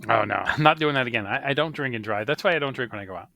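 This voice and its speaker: A male podcast co-host tells stories in a lively, animated way during casual chat, acting out the voices of the people he quotes. His voice sits in the mid-range with some vocal fry, he talks very fast, and there's no room sound.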